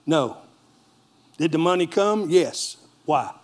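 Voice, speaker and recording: Middle-aged pastor preaching, high voice for a guy, keeps asking amen. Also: slow pace. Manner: energetic storytelling preacher, call-and-response asides. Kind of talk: sermon.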